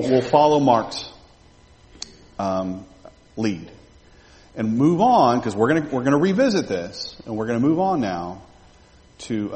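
A male pastor preaching a sermon, animated and full of rhetorical questions to his congregation. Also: medium pitch. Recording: long reverb of a large hall.

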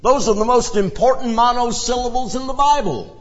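A man's voice: very high voice, brisk. A man preaching an expository sermon, teaching from Bible passages with dramatic shifts in emphasis. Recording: dull lo-fi sound with long hall reverb.

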